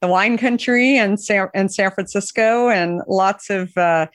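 A woman founder being interviewed, who tells long anecdotes full of fillers and restarts and raises her pitch when she quotes other people. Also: measured pace, no echo, clean studio sound. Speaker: company founder, guest. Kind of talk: interview storytelling.

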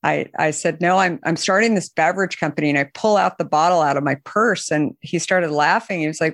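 A woman founder being interviewed, who tells long anecdotes full of fillers and restarts and raises her pitch when she quotes other people. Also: brisk, hardly any pauses, a bit bright, no echo, clean studio sound. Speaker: company founder, guest. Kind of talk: interview storytelling.

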